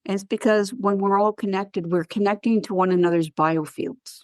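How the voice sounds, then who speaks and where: A woman, a guest wellness practitioner on a podcast interview, who tells animated stories and acts out the dialogue. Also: medium pitch, normal speed, no echo. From Canada.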